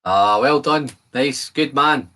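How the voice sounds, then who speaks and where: A man's voice: mid-range voice, slow pace, sharp tone. Chatty man hosting a whisky live stream. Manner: chatty, reads and answers viewer comments; describes whisky aromas while tasting. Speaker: whisky channel host. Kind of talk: casual live stream chat.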